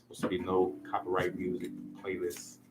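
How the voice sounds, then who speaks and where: A man's voice: sits low, monotone, fairly quick, heavy background noise. A man giving a casual tarot reading to camera, talking in a laid-back, slangy, rambling way. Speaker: tarot reader. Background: lo-fi music playlist.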